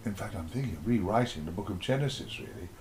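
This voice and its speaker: A man's voice: lowish voice, lively intonation, fast, darkish tone. An older man being interviewed, telling rambling, playful stories with sudden dramatic outbursts. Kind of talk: casual interview chat.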